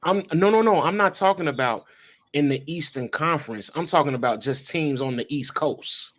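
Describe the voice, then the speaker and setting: A man's voice: a little high, normal speed, a bit bright. A man co-hosting a casual sports radio chat, insistent and repeating himself to make his point.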